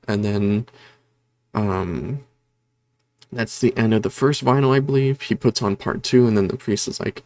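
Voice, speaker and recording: A man's voice: on the low side, moderate pace, darkish tone. A man casually recapping a horror movie plot for his review channel, rambling with lots of fillers and self-corrections. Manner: self-correcting, apologetic about disorganization. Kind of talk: casual spoken film review.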